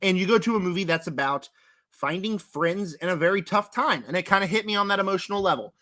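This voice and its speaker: A man's voice: high-pitched, quick pace, pushed and bright. A young man reviewing horror movies in a casual vlog, talking in a rambling, emphatic way full of fillers, his voice now and then cracking. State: voice cracking, throat-clearing.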